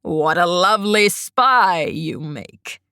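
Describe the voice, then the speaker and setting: A woman's voice: lowish voice, expressive, takes it slowly, creaky, sharp tone, clean tone, no room sound, studio quality, pitched below the performer's own voice, full character voice. A woman voicing a creepy old grandfather with a wheezing, rattly voice and a wheedling, grumbling manner.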